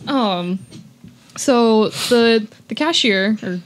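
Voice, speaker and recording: A woman's voice: a little high, drawn-out words. A woman telling a story in a casual podcast chat, full of likes and restarts and acting out what people said. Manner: animated, many likes and restarts, acts out quotes.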